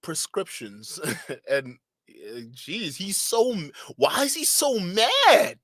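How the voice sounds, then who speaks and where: A man streaming a casual reaction commentary, talking back to clips with sarcastic, animated asides. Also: on the high side, slow, no echo.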